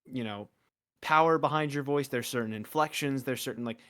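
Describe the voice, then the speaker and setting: A man's voice: mid-range voice, a little fast, a bit bright. Talkative man in casual chat. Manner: talkative, filler-heavy with restarts. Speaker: esports caster.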